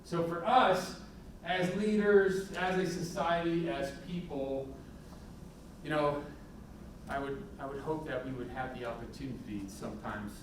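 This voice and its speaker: A middle-aged man, a police chief, giving a candid, animated talk full of anecdotes in a university event hall. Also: a little high, measured pace, slight background noise. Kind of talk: public talk with war stories. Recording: echoey hall from a distant mic.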